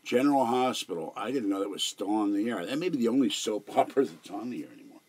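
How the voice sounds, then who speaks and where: A man's voice: on the low side, expressive, fast, darkish tone, breathy edge. An older man chatting casually at home on a livestream, telling rambling, digressive stories. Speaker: livestream host.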